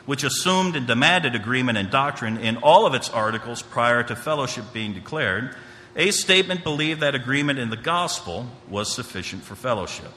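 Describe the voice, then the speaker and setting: A man giving a church history lecture, reading quotations with measured emphasis and occasional restarts. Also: mid-range voice, sharp tone. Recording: long hall reverb, faint ambient noise.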